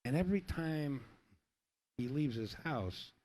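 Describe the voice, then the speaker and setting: A man's voice: a little high, lively intonation, measured pace, a little mellow. A middle-aged man commentating a pool match in a rambling, chatty way, telling jokes between shots. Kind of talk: casual play-by-play with joke telling.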